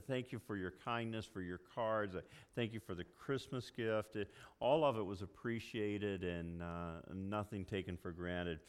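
A lower-voiced man speaks as a pastor to his congregation, halting and full of fillers and restarts. The sound rings with the long reverb of a church sanctuary. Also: clean tone. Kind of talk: sermon.

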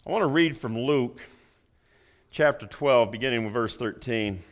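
A man preaching a sermon as pastor in a church, folksy and animated, often repeating and restarting phrases. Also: medium pitch, moderate pace. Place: church sanctuary.

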